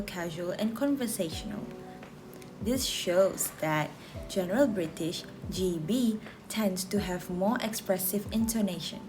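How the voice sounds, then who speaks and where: A woman student from Malaysia reading a class presentation aloud in a slow, careful, deliberate way. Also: medium pitch.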